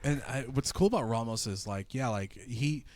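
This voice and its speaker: A man hosting a podcast in casual chat, animated and swearing freely as he acts out his reactions. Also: mid-range voice, moderate pace, no room sound. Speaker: podcast host.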